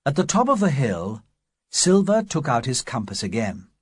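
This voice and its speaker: A man reading an adventure story aloud as narrator, slowly and clearly for English learners. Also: medium pitch, wildly swooping pitch, no room sound. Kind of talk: scripted audiobook narration.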